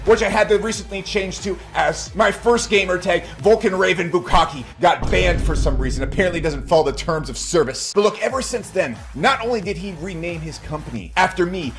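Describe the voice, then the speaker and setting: A middle-aged man, a crypto YouTuber, ranting to camera in a comedic, mock-humble, boastful way, swearing and laughing at his own jokes. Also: high voice.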